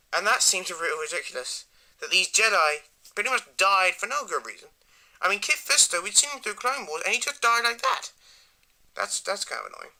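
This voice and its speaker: A man giving a rambling, enthusiastic casual toy review that often trails off into quiet mumbles. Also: high voice.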